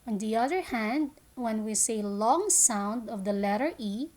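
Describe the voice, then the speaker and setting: A woman with a fairly high voice gives an online phonics lesson to young children. She speaks slowly and clearly, stretching out each vowel sound so the little ones can follow. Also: lively intonation, a little mellow. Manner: slow, clear teacher talk with drawn-out sounds. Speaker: kindergarten teacher.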